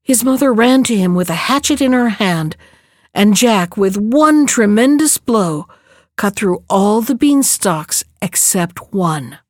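A woman narrating a fairy tale in a clear, measured storybook reading. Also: medium pitch, expressive, a little mellow, dry recording, studio quality.

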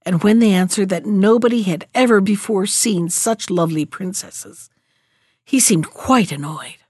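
A woman host reading a fairy tale aloud in a calm, measured storybook manner. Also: medium pitch, husky, no echo, studio quality.

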